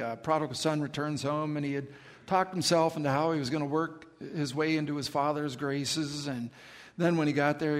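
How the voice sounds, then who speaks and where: Male pastor, earnest testimony sermon, gravelly tone, reverberant church hall. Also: fairly high pitch.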